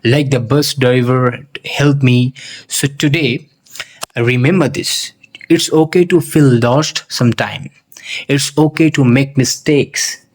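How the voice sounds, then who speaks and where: A male English teacher narrates a simple story for learners in a slow, deliberate way. His voice is slightly breathy and husky, sitting at an ordinary middle pitch. Each short phrase is spaced out with care. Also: steady tone.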